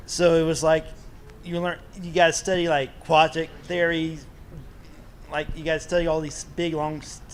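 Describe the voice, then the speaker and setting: A man with a somewhat high voice asks a convention guest questions in a loose, rambling way. He often restarts his sentences and stammers through them. A faint hiss of noise sits under his voice. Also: little pitch movement, moderate pace. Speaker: panel interviewer. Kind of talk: casual fan questions.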